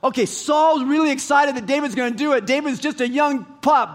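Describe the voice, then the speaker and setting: A male pastor with a very high-pitched voice preaches fast with few pauses, reading scripture and retelling it in animated storytelling that veers between loud and soft.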